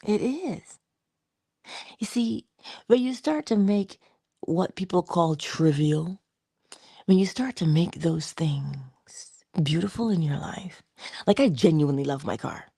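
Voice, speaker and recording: A middle-aged woman hosting a casual motivational talk, telling personal stories with laughter and hushed asides. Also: on the low side, a little slow, gravelly, long pauses, slightly rough, dry recording, studio quality. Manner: animated storytelling, laughs often, drops into hushed asides. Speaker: channel host.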